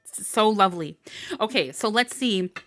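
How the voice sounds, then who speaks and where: A woman's voice: medium pitch, animated, normal speed, fairly bright tone, a little hiss or hum. A woman giving a live tarot reading, emotional and encouraging, often laughing. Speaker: tarot reader. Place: indoors, live stream.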